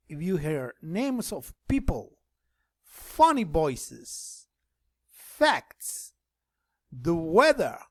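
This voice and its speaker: A man teaching an online class, explaining things slowly and switching between English and Spanish. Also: sits high, no echo, clean studio sound.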